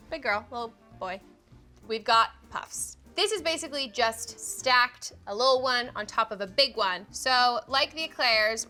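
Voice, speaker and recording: A woman's voice: fairly high pitch, sharp tone. A woman hosting a cooking show, chatting playfully through a casual baking demonstration and filling her speech with fillers.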